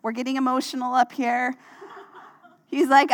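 Middle-aged lady pastor giving a sermon, kinda high voice, chatty storytelling, gets lively on the dialogue bits. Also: unhurried. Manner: conversational, animated when retelling dialogue.

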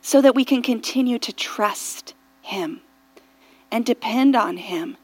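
A woman with a high voice delivers a sermon at an unhurried pace. She tells her story gently, asks her listeners reflective questions, and lets her voice fall soft on the tender phrases. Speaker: church speaker.

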